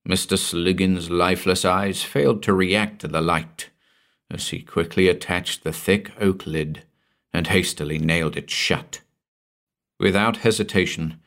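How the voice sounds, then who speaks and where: A man reading a scripted horror story aloud in a measured, dramatic way, dropping to a hush at the ends of phrases. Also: low-pitched. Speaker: narrator.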